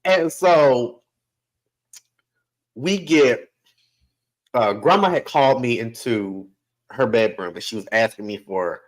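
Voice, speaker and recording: A man, a podcast guest, telling a family story in a casual, animated way, laughing often and acting out other people's voices. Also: medium pitch, slow pace, pauses often, poor audio.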